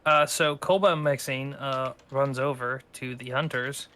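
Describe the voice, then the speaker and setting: A man's voice: medium pitch, steady tone, measured pace, sharp tone, slight background noise. A man, a player in a tabletop game, chatting casually and describing his character's actions.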